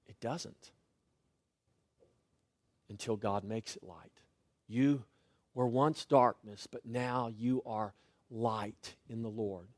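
A middle-aged male pastor preaching a sermon, swinging between loud rising lines and quiet, hushed refrains. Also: medium pitch, fairly even intonation, slow, pauses often, no room sound.

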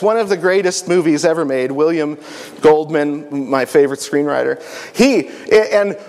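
Playful guy telling a story at a family camp, fairly high voice, echoey hall. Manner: animated, joking asides.

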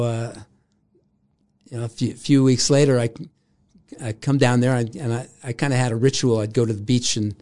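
A man's voice: medium pitch, warm tone. An older man, a guest in an interview, telling a long story in casual talk with frequent laughs. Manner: rambling, laughs often, acts out quoted voices.

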